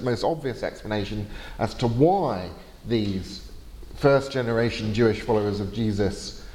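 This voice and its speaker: A man's voice: lowish voice, a little mellow. A man giving a university lecture, explaining step by step with frequent hesitations. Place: lecture hall. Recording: long hall reverb.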